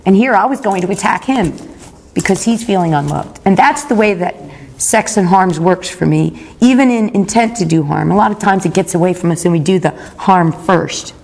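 A woman in her fifties with a gravelly, slightly low voice shares her story at a recovery meeting. She talks in a candid, confessional way, reflecting aloud on her own part in things. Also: normal speed, a little mellow. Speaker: speaker sharing at a recovery meeting. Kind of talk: personal recovery talk. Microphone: recorded talk.

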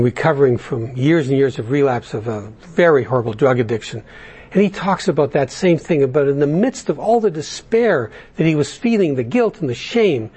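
Man from Canada, fairly high husky voice, halting personal testimony full of restarts. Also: darkish tone. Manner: halting, with frequent restarts and stammered repeats; earnest, confessional storytelling. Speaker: speaker sharing a recovery story.

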